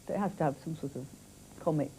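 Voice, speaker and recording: A woman's voice: deep voice, fast, low-quality recording. A woman giving thoughtful, explanatory interview commentary on comedy.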